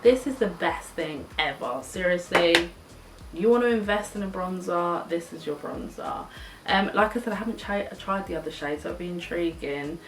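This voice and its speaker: A woman's voice: fairly low pitch, moderate pace. Casual beauty vlogger, young woman, enthusiastic and chatty, recorded at a distance with faint hiss. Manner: gushing, chatty, swears casually. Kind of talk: casual makeup chat. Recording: echoey room, mic set back, faint hiss.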